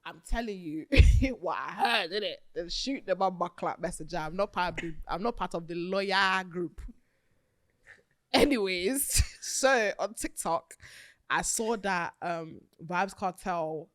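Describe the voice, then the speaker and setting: A woman hosting a podcast, talking in a chatty, animated way, laughing often and swearing freely. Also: lowish voice, unhurried, no room sound, studio quality. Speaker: podcast host. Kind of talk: casual chat.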